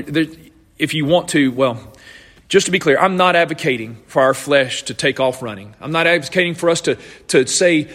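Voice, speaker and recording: A man's voice: on the high side, a bit bright, big-room sound. A man preaching a sermon as pastor, earnestly explaining scripture and often restarting his phrases.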